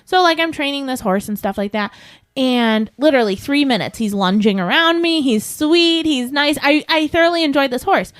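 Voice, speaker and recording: A woman co-hosting a podcast, animated and laughing often as she tells a story, speaking close to the mic. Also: sits high, moderate pace, dry recording. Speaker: podcast co-host and horse trainer. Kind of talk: casual storytelling chat.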